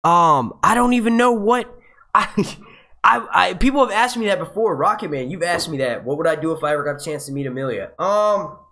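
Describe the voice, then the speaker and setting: A man's voice: a little high, lively intonation, brisk, bright, forceful tone. A man in his twenties, hosting a channel and casually answering live chat in a rambling way, with frequent restarts.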